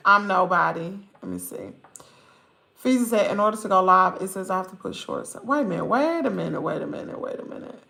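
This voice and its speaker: A woman's voice: medium pitch, big pitch swings, fast, creaky, bright, forceful tone. A woman with a Southern American accent, hosting a casual livestream chat and talking to viewers in a chatty, exclamatory way that turns to scolding the chat. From Mississippi, US South. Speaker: channel host.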